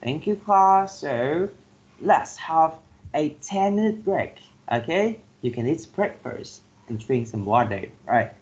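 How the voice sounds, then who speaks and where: A male teacher going through a vocabulary exercise, slowly repeating each word and filling pauses with "like" and "okay". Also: a little high, expressive, darkish tone. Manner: slow, repeats words to drill pronunciation; filler-heavy, says "like" and "okay" often. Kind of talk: classroom lesson on word stress. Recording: dull lo-fi classroom recording with faint noise.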